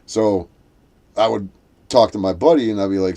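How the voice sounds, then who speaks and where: Talking a little fast but with long pauses, a dark-toned man rambles through a story in casual conversation and keeps restarting. He performs quoted voices in a raised pitch.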